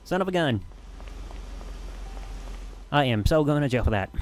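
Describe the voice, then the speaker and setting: A man from Michigan giving excitable, mildly profane commentary while live streaming a video game. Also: a little high, measured pace. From Michigan, USA. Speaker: gaming streamer. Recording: game noise underneath. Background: game sounds.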